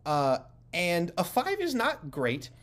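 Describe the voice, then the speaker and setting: A man narrates as game master of a tabletop game, easygoing and explanatory. His pitch moves in a lively way as he sets scenes and explains rules. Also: slow pace. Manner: relaxed, explanatory, filler-heavy.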